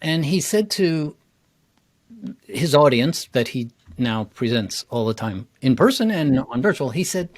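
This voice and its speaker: A man who coaches public speaking talks in a podcast interview, animated and eager, jumping up in pitch to stress his points. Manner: animated, enthusiastic, jumps up in pitch for emphasis. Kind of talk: casual interview chat.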